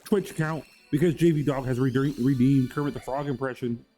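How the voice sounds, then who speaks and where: A man's voice: mid-range voice, a little fast, dark tone, breathy edge, faint music behind, natural voice. A man doing an impression of a cheerful frog puppet, talking in a nasal, bouncy voice over a live stream. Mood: chatty.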